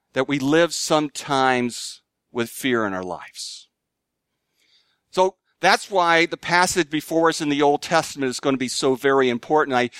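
A man preaching a sermon in an earnest style, rising to emphatic highs and dropping to hushed lows. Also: clean tone, no room sound. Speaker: pastor.

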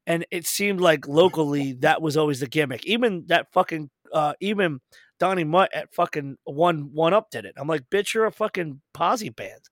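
A man hosting a casual podcast chat, swearing freely and telling animated stories. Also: a little high, normal speed, no room sound, studio quality. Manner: profane, animated storyteller. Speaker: host.

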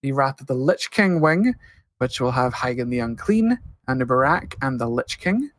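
A man's voice: mid-range voice, lively intonation, moderate pace. A man co-hosting a podcast, reading out news items casually with frequent fillers. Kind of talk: casual chat.

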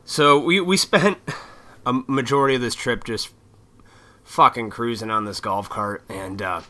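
Unhurried and easygoing, a young guy rambles through his vlog, swearing casually and leaning on lots of filler words. His voice is mid-range, pushed and bright.

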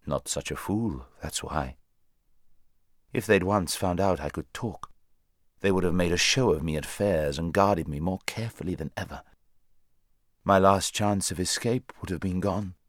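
Male reader doing a haughty talking war horse, low voice, lively and commanding, dry close sound. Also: no room sound. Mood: rueful. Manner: brisk, commanding, contemptuous.

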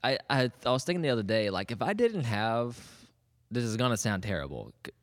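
A man's voice: medium pitch, very animated, fairly quick, long reverb tail. A man in his thirties co-hosting a podcast, chatting casually and rambling with frequent restarts and laughs. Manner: rambling, self-interrupting, laughs often. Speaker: podcast co-host. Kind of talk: casual chat.

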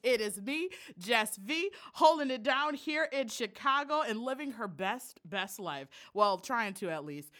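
A woman hosting a casual podcast, bubbly and giggly, hyping up her guest with animated enthusiasm. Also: mid-range voice. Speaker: podcast host. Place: Chicago.

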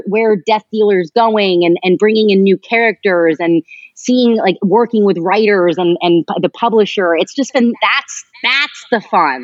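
Woman guest, animated, quick to laugh, dry close lo-fi recording. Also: mid-range voice, no room sound. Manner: animated, laughs often while talking. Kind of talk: casual podcast conversation.

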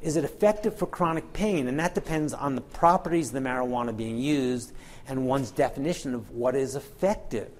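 A man's voice: mid-range voice, a little fast. Wry, candid man lecturing on medicine. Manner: candid, wry storytelling with frequent fillers. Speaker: physician and pain researcher. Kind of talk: lecture to an audience.

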